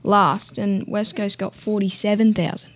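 A woman's voice: mid-range voice, flat delivery, unhurried. Matter-of-fact Australian woman. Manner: matter-of-fact, quoting stats. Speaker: podcast co-host. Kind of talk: casual sports chat.

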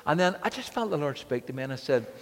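A male preacher delivers a sermon with a slightly raised pitch, his words trailing into the long reverb of a hall. He tells stories in an animated way, stumbling and repeating words as he builds his points. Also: quick pace. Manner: animated storytelling with frequent restarts and repeated words. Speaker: pastor.

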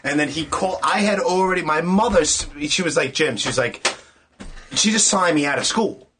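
A man's voice: on the high side, expressive, noisy background. A man with a New York accent chatting casually and bluntly, swearing freely in a tattoo shop after hours. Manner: blunt, profane, talks in quick broken restarts. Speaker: interviewer. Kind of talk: casual chat.

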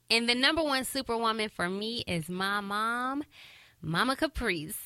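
A woman's voice: mid-range voice, lively intonation, normal speed, no echo. A woman hosting a podcast in casual, heartfelt talk, cheering listeners on with emphatic repetition. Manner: warm, encouraging, emphatic repetition. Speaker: podcast host.

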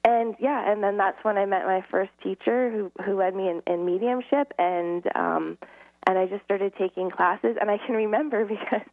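A middle-aged woman tells personal stories as a guest, voicing the people in them with earnest feeling. Her voice has a gravelly edge. The sound is thin and phone-like, with a dry, close feel. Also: medium pitch, normal speed, no echo. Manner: earnest storyteller who acts out dialogue and often laughs. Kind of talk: casual interview storytelling. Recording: tinny phone-line audio, dry.

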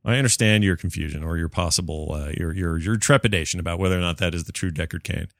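A man hosting a podcast, chatting casually with an excitable, joking manner. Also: deep voice, quick pace, vocal fry, no echo, clean studio sound. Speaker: podcast host.

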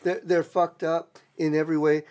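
A man's voice: on the high side, flat delivery, normal speed, darkish tone. A man telling stories in a casual interview, blunt and profane, often stammering and repeating words. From Louisiana. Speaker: interview guest.

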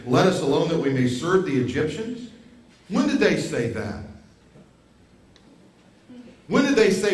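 A male pastor preaching a sermon, pressing his points with rhetorical questions. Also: fairly high pitch. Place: church hall. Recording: very echoey hall, mic far off.

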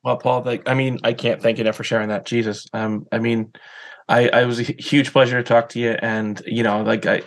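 A man's voice: medium pitch, level tone, brisk. A man hosting an interview speaks in a mid-range voice. He talks casually, fumbling and restarting his words with plenty of fillers. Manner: moved, fumbling, with many fillers. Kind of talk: casual chat.

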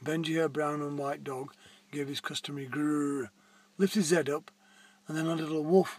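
A man reading his own book aloud in a plain, unhurried way. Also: a little high, steady tone, slightly rough, no echo. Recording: distant mic.

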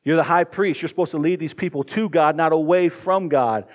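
A man's voice: fairly high pitch, fairly quick, close to an everyday voice. A man voicing the biblical leader Moses as he scolds in exasperation, on a dull lo-fi recording. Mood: scolding.

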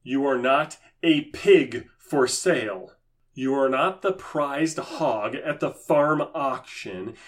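A man's voice: mid-range voice, expressive, slow. A man giving impassioned religious commentary, sarcastic and emphatic in a preachy manner. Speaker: Christian commentator.

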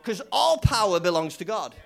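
A man's voice: high-pitched, sing-song, normal speed, vocal fry, soft background music. A male pastor preaching in a loose, conversational way, repeating himself and leading the congregation in call-and-response. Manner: conversational, repetitive, lots of restarts. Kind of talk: sermon.

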